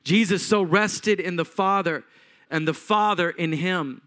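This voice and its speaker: Male pastor, higher voice, preaching; dramatic storytelling that jumps between loud and quiet. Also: a little slow. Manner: animated storytelling, acting out voices, swings from loud to hushed. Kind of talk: sermon.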